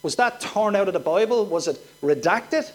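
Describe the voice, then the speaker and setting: High-voiced man preaching a sermon. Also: expressive, moderate pace. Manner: questioning, emphatic, acts out quoted voices.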